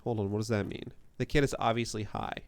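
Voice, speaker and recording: A man's voice: lowish voice, fairly even intonation, quick pace, no echo. A young man streaming a game, reading its text aloud with amused asides. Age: young adult. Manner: amused, reads text out then reacts.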